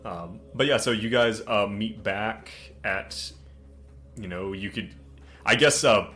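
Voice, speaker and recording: A man running a tabletop game as game master, laid-back and quick to laugh. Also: lowish voice, bright, forceful tone, faint music behind.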